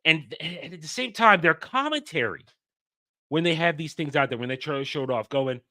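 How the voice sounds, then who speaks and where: A man's voice: on the high side, expressive, normal speed, pushed and bright. A man hosting a livestream, ranting in a heated way with frequent stumbling restarts. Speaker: host.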